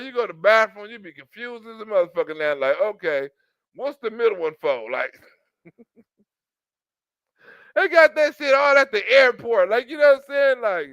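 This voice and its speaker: A man's voice: sits high, fairly bright tone, no room sound, muffled recording. A man in a casual, profane commentary rant, rambling, laughing often and repeating his fillers. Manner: laughs often, rambling, repeats "you know what I'm saying". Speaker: commentary vlogger.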